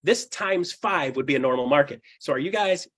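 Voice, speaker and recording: A fairly high-pitched man with a husky, slightly rough voice presents a live seminar to real estate agents. He talks bluntly and energetically, drops casual swearing, laughs a lot and keeps asking the room "right?". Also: lively intonation, fairly quick, a bit bright. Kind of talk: live seminar talk to an audience.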